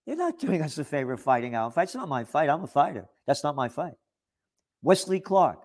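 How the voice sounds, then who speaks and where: Indignant sarcastic man with a lively voice. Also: a little high, fairly quick. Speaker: political commentator. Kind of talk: opinion monologue reading and rebutting articles.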